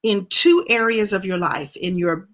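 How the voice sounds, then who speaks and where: Middle-aged woman coach, heartfelt motivational talk, animated, fixes her own words as she goes. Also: mid-range voice, a little slow. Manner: animated, heartfelt, with self-corrections. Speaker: coach and speaker.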